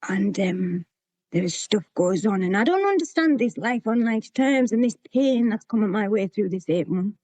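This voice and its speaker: A woman's voice: medium pitch, lively intonation, moderate pace, a little mellow, no room sound. A woman, telling her own recovery story to a meeting in a candid, plain-spoken way. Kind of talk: sharing a personal recovery story.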